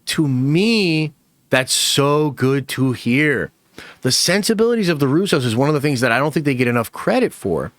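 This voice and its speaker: A man's voice: medium pitch, very animated, normal speed, a bit bright, no echo. A man hosting a movie news channel, giving casual, profane opinion commentary with lots of fillers.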